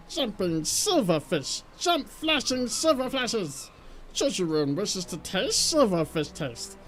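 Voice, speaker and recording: A woman playing a low-voiced mole creature of the sea, slow and singsong, with broken, repeating phrases, its pitch swooping widely, with faint music playing underneath. A quirky game figure, voiced live. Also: rough recording. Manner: choppy, repetitive pidgin phrasing. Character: odd mole-like sailor creature, broken speech. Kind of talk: live-streamed game voice acting.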